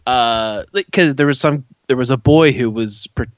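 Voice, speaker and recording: A man's voice: medium pitch, normal speed, no echo, highs cut off. A man co-hosting a podcast, rambling and joking in casual chat. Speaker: podcast co-host.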